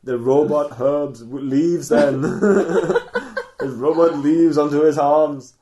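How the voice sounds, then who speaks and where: A man's voice: a little high, expressive, takes it slowly, dark tone, roomy sound, lo-fi sound. A man hosting a comedy podcast, improvising a rambling story with frequent laughs and restarts.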